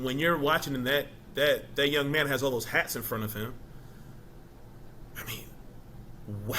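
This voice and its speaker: With a bright, forceful voice on the high side, this man speaks as an interview guest, a former college football player discussing his college choice. He's conversational and emphatic, repeatedly asking "you know what I mean?", and there's slight background noise.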